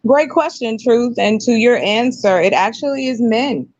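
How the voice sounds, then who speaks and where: A woman's voice: on the high side, normal speed, a little mellow, dry recording. Frank woman on a muffled call. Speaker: panel guest. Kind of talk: live panel discussion.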